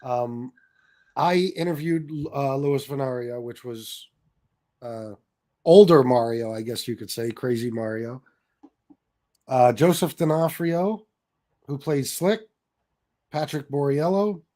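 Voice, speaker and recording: A man hosting a casual interview, relaxed and chatty. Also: medium pitch, takes it slowly, pauses often. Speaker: host.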